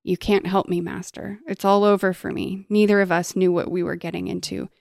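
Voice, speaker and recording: A woman's voice: on the low side, level tone, fairly quick, gravelly, no echo, clean studio sound. A woman reading as a small despairing horse. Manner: soft, heavy, despairing reading. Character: small loyal horse, hopeless and sinking. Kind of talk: reading a book aloud.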